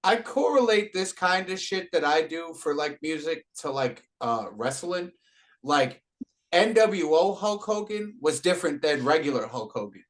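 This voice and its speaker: A laid-back man running a casual interview, with a voice pitched a little high for a man. He drifts along, leaning on "like" and "you know". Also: expressive, measured pace. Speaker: interviewer and rapper.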